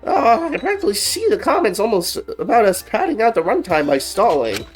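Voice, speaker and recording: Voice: medium pitch, wildly swooping pitch, fairly quick, faint music behind, voice pushed up. A player doing a showy, teasing mascot host. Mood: gleeful.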